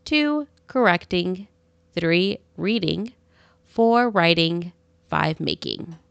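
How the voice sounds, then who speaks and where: A woman's voice: lowish voice, animated, slow pace, vocal fry, smooth, no room sound, dull audio. A woman teaching an English lesson, reading numbered examples in a careful drill cadence. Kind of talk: slow, deliberate language lesson reading.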